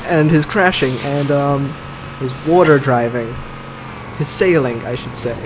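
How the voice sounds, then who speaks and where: A man's voice: mid-range voice, a little slow, background noise. A man casually commenting over his own gameplay, cracking dry jokes and rambling through side remarks. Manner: dry, joking, rambling asides. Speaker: let's play host.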